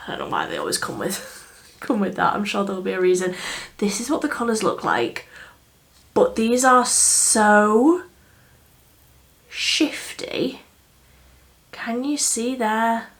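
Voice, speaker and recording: Beauty vlogger, Yorkshire woman, chatty and excited, unhurried delivery, mid pitch. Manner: chatty, enthusiastic, with frequent fillers and laughs. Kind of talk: casual makeup review chat. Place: indoors under artificial light.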